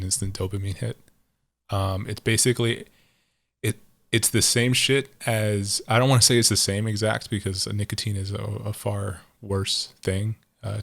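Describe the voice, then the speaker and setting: A man's voice: on the low side, vocal fry, fairly bright tone. A man co-hosting a podcast in casual chat, rambling through his points with frequent laughter and casual swearing. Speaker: podcast co-host.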